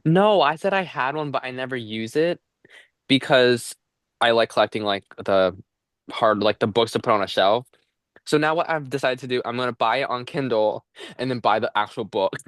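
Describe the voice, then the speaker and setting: Give me a halting young man co-hosting a book chat, recorded dry. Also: mid-range voice, no echo. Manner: relaxed, halting, stumbles over words. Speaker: co-host of a book podcast. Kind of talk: casual chat.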